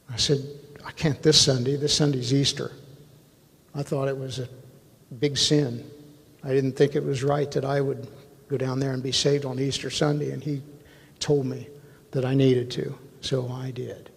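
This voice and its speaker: A man with a husky, breathy voice tells his conversion story before a congregation, earnest and full of feeling. His words ring out with a long reverb through a church sanctuary. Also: mid-range voice, flat delivery, moderate pace, long pauses. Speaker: church member giving testimony. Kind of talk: personal testimony to a congregation.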